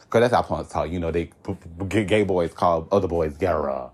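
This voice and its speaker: A young man from Florida spins a rambling story in casual conversation. His usual voice sits fairly low, but he breaks into loud, high-pitched bursts and laughs between lines. He talks in easy, slang-heavy speech. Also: lively intonation, fast talker, few pauses. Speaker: podcast guest telling a story.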